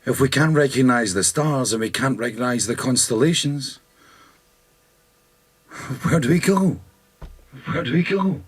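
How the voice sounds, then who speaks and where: A man with a Scottish accent voicing a bewildered Highlander lost in space, musing in a slow, searching ad-lib on a concept album. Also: lively intonation, slightly rough.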